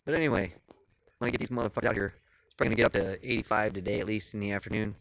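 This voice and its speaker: A man's voice: lowish voice, steady tone, very fast, fairly bright tone. A man giving a rambling, profane, laid-back vlog tour of his dog kennels outdoors, filmed on a phone. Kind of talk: casual vlog walkthrough. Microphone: phone held while walking.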